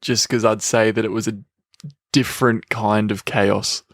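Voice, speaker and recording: A man's voice: fairly low pitch, level tone, unhurried, fairly bright tone, no echo. Easygoing Australian male co-host, agreeable, dry close recording. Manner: laid-back, agreeable, lots of "yeah". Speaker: podcast co-host. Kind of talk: casual chat.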